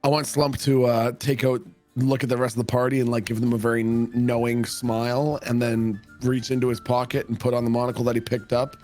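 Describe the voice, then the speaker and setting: Male player, even monotone delivery, measured and halting. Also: mid-range voice, faint music behind. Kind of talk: describing character actions at a tabletop game.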